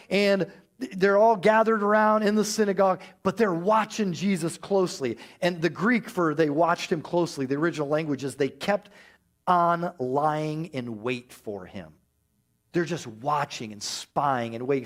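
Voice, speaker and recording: A male pastor giving a lively sermon, acting out the voices of the people in the story as he goes. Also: high-pitched.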